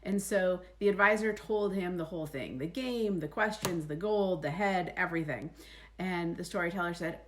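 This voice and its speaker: A woman's voice: lowish voice, moderate pace, slight background noise. A woman storyteller telling a folk tale aloud in a casual, chatty way with asides to the listener.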